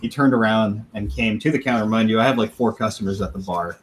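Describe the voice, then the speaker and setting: Low-voiced man telling a story. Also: quick pace, slight background noise, low-quality recording. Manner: profane, laughing, quotes others in asides. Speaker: podcast host. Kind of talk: casual storytelling.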